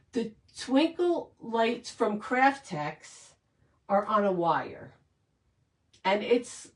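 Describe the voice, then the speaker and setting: Rambly emotional woman doing a craft live stream, echoey room, kinda far from the mic. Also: mid-range voice. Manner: chatty, emotional, rambling with restarts. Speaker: craft livestream host. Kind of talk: casual livestream chat.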